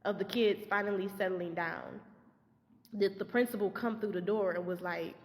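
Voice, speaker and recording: A young woman, a substitute teacher, tells a story in a casual, animated way and swears freely. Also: mid-range voice, normal speed, long reverb tail.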